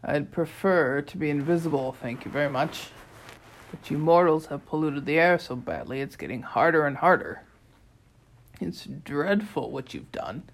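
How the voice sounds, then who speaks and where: A woman voicing a fussy, ancient male air god who hisses and scolds in a squeaky voice. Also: animated, moderate pace. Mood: huffy. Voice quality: hissing, squeaky.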